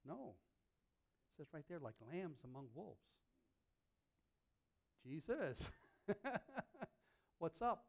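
A man preaching a sermon to a congregation in a church hall, lively and joking, his pitch leaping up on punchlines. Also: extremely slow, creaky, long pauses. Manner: animated, jokes with the congregation, pitch leaps up on punchlines.

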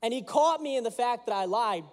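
A man's voice: very high voice, expressive, a little fast. A man, a pastor, preaching a sermon with earnest prayer and storytelling.

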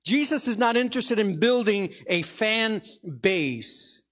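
A man's voice: sits high, animated, measured pace, fairly bright tone. A male pastor preaching a conversational sermon to a congregation, telling everyday stories and often checking in with "right?". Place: church in front of a congregation.

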